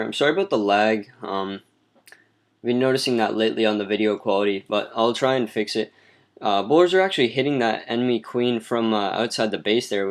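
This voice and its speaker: A man casually narrating replays of mobile game attacks as clan leader, with lots of ums and restarts. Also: mid-range voice. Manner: relaxed, filler-heavy, self-correcting. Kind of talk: casual gameplay commentary.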